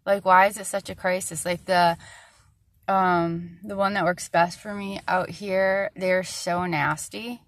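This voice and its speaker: Woman, lowish voice, venting a long rant, tired and halting, dry room sound. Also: fairly even intonation, no echo. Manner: frustrated, rambling, many fillers. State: tired, struggling to find words. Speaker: vlogger. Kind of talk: ranting personal vlog.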